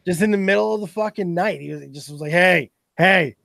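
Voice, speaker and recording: A man in casual podcast chat, telling stories in a profane, animated way. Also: high-pitched, a little fast, creaky, no echo. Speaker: podcast guest.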